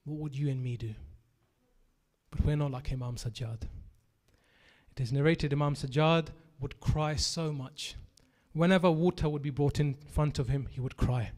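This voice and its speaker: A man with a high, carrying voice delivers a mournful commemorative sermon. He retells a tragic story in lamenting tones that swell into impassioned grief. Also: fairly even intonation, normal speed, a little mellow. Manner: grieving, rising to impassioned lament. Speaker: preacher.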